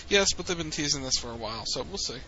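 Bright-voiced man recapping casually. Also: a little high, expressive, fast talker. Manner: rambling, restarts and chuckles. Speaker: podcast co-host recapping wrestling. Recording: dull lo-fi sound with faint ambience.

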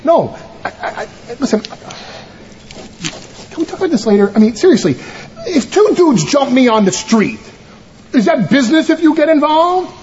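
A man's voice: extremely high pitch, big pitch swings, unhurried, a little mellow, highs cut off, slight background noise, heavily acted. A man playing a fawning wrestling manager. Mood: pleading. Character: smooth-talking male wrestling manager. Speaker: wrestling manager in a backstage segment. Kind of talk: scripted televised wrestling promo.

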